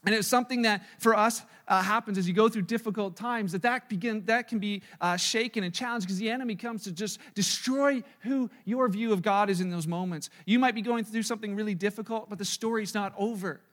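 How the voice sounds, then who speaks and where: A man in his thirties preaching a sermon as pastor, animated and acting out quoted voices, swinging from loud to soft. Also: high voice, fairly quick, hardly any pauses, in a large hall.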